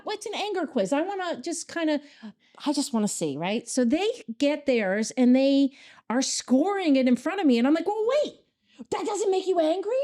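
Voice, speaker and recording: A woman guest tells her story in an animated, chatty way, often laughing and slipping into the voices of the people she quotes. Her voice sits a little high, with a mellow, soft-edged tone. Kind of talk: casual conversational storytelling.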